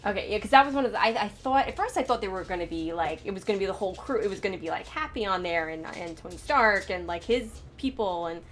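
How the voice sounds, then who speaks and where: A woman's voice: medium pitch, animated, fast talker, few pauses. A woman hosting a casual movie reaction chat, talking in a rambling way with lots of fillers, restarts and laughter. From United States. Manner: chatty, laughs often, many fillers and restarts. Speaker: host.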